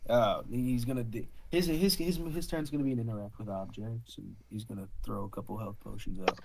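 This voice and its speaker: A man's voice: fairly low pitch, steady tone, a little fast, vocal fry, hardly any pauses, darkish tone, slight background noise, rough recording. A man running a tabletop game as game master, talking animatedly into a headset, laughing often and swearing casually.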